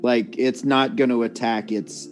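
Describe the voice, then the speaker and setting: A man running a tabletop game as dungeon master, casual and full of fillers, quick to laugh. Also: mid-range voice, steady tone, faint music behind.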